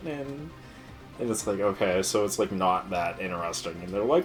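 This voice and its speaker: With a deep, expressive voice at normal speed, a let's play host delivers casual gaming commentary as faint music plays. His style is profane ranting with frequent laughter, and he mocks other people's lines by imitating them.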